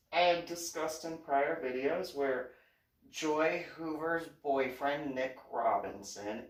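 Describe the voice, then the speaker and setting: A woman's voice: rumbling low, recorded from a distance. A woman with an East Coast American accent telling a personal story in a chatty way, laughing often and acting out the voices of the people she quotes. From East Coast of the United States. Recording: echoey room, set back from the mic.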